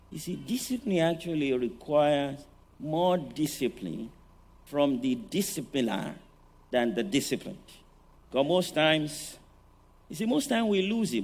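A man preaching a sermon on parenting, animated and rhetorical, often checking in with his listeners. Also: a little high, creaky. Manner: animated, rhetorical, often asks "all right?".

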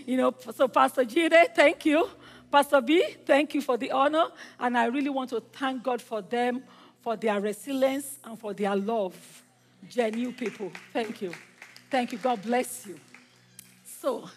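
A woman's voice: sits high, slightly rough, long reverb tail. A woman guest preacher in a large church, praying fervently and telling a story to the congregation. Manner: fervent, rising into praise, then gentle storytelling. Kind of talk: sermon with prayer and storytelling.

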